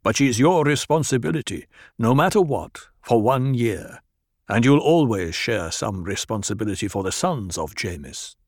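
A man voicing a stern male tribal chief who speaks gravely and with command, in a dry recording. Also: moderate pace, dry recording. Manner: grave, commanding, low and even.

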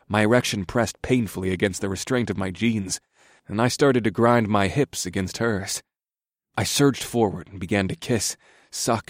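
A man narrating an erotic story in the first person, in a steady, subdued reading voice. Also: lowish voice, no echo, clean studio sound.

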